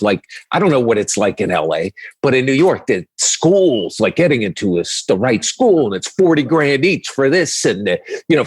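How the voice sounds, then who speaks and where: A man's voice: mid-range voice, husky, no room sound. A man who is a comedian guest on a podcast, talking in a reflective, rambling way, full of "you know"s. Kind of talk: casual chat.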